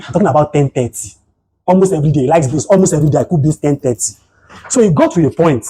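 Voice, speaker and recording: A man with a Nigerian accent speaks to a gathered group as a psychotherapist. His voice is mellow and a little husky, and he builds his points through personal stories and rhetorical questions. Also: on the high side, fast, rough recording. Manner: animated storytelling, rhetorical questions. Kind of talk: motivational talk to a group.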